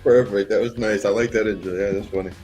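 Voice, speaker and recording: A man with a lowish voice hosts a casual livestream chat. He swears freely, cracks jokes and trips over his own restarts as he talks. He sounds loose and conversational. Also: steady tone, fast talker, a little mellow, faint music behind. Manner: profane, joking, stumbling restarts. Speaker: livestream host.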